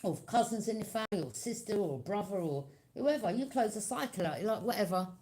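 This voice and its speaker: Warm-toned and fairly quick, a woman with a mid-range, expressive voice gives her viewers a tarot reading. She keeps it casual and chatty, frequently asking "okay?" and voicing quoted reactions herself.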